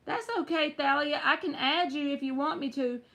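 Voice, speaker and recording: A woman's voice: high-pitched, fairly even intonation, normal speed, creaky, a bit bright. A woman running a casual live-stream tarot reading, chatty and teasing as she talks to viewers by name.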